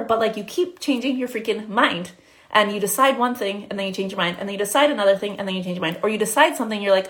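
A woman coaching listeners on a live spiritual talk. Her speech is quick and chatty and full of fillers, and her voice sits at a middle pitch for a woman. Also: a bit bright. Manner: fast, chatty, many "like" fillers, acts out inner voices.

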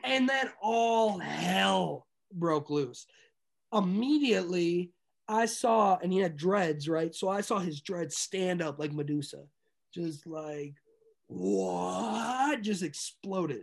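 Animated young man telling a story. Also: slow pace, vocal fry. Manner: animated, swings from loud excitement to low asides; laughs through stories. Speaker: podcast guest. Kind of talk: casual storytelling chat.

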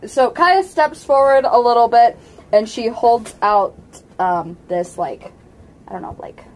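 A woman's voice: on the high side, expressive, measured pace, darkish tone. Giggly woman playing a tabletop game. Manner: giggly, stumbles over words. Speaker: player. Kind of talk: tabletop role-play, casual.

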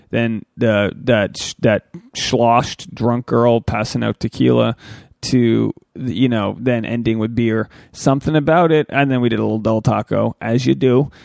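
A gravelly-voiced man in his thirties rambles through a solo podcast, crude and loose, with his pitch jumping up when he gets worked up. His voice sits at an average height and has a rough fry to it. The sound is dry and close, with no room around it. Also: no echo. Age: 30s. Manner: crude, rambling and animated, with loud pitch jumps. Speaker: podcast host.

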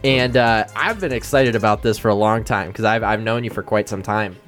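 A man's voice: on the low side, brisk, fairly bright tone, soft background music. A man hosting a podcast in casual chat, easygoing and chatty with filler words. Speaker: podcast host.

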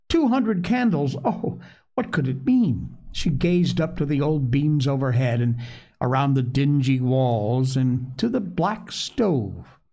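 A man reading a children's story aloud, gentle, expressive and unhurried. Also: medium pitch, creaky.

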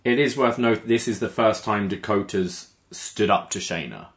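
A man's voice: lowish voice, moderate pace. A man co-hosting a podcast, weighing in on wrestling storylines in casual chat. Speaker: podcast co-host.

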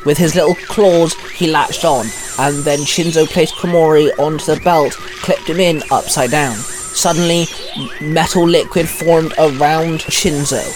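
A man's voice: on the high side, fairly even intonation, a little slow, music in the background. A man reading a fan story aloud in a casual way, with small slips and restarts.

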